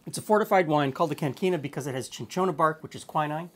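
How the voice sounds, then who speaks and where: A man hosting a cooking show, explaining a blind tasting in a relaxed, plain-spoken way from his studio. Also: a little high, racing. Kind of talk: casual tasting chat. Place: home studio kitchen.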